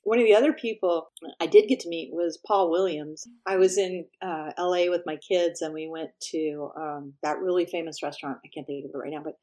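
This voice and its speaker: A middle-aged woman musician from Texas, chatting as an interview guest and telling lively stories, acting out quotes and laughing often. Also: fairly low pitch, brisk. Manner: animated storyteller, laughs often, acts out quotes. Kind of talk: casual interview chat.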